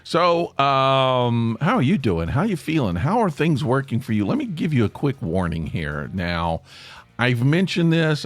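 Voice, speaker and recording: A man from Tennessee with an East Tennessee Appalachian accent, hosting a podcast as a chatty, rambling monologue in the manner of a storyteller. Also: fairly low pitch. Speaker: podcast host.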